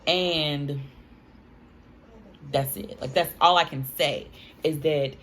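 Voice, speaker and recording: A young woman, telling a casual storytime to her viewers in an animated, chatty way. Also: low voice, slow pace, slight background noise. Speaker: vlogger.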